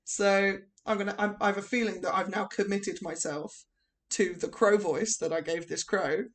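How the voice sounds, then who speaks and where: A young woman from England co-hosting a podcast, telling animated stories and laughing often in casual chat. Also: medium pitch, normal speed. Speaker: podcast co-host.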